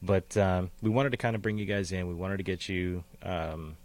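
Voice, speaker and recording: Male podcast co-host, deep low voice, loose rambling delivery with casual swearing. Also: steady tone, normal speed. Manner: rambling, profane, laughs easily.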